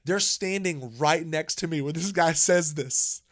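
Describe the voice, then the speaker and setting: A man co-hosting a podcast, telling a story in a casual, animated way, with frequent restarts and repeated words. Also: a little high, measured pace. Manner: animated, rambling with many restarts. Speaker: podcast co-host.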